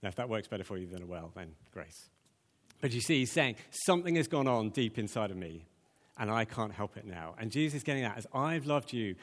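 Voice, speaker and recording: A man preaching a conversational sermon, with plenty of ums and repeated words. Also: lowish voice. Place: church. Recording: long church hall reverb.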